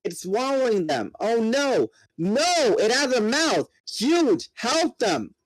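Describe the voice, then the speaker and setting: A frantic teenage boy, as a man reads him out shouts in a raised, panicked voice. His voice sits on the high side and the sound is close and dry. It plays as a storybook scene. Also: very animated, a little slow, dry recording, heavily acted, low-quality recording.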